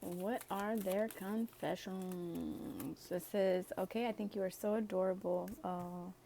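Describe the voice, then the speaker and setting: A woman's voice: mid-range voice, steady tone, takes it slowly, vocal fry, dark tone, a little hiss or hum. A woman doing a casual tarot reading for viewers. She reads the cards aloud in a chatty way, with sighs and laughs along the way. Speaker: tarot reader.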